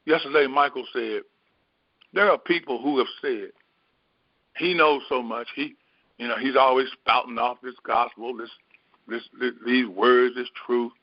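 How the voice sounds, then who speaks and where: Middle-aged man, mid pitch, reflective Bible teacher thinking aloud; dull dry lo-fi take. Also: steady tone, no echo. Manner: unhurried, repetitive, musing aloud. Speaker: spiritual teacher.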